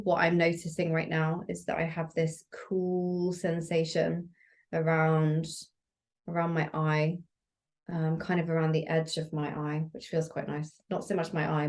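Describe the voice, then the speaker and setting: A woman somatic practitioner talking calmly and gently as a podcast guest, explaining body practices. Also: low-pitched, normal speed, hardly any pauses. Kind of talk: relaxed podcast conversation.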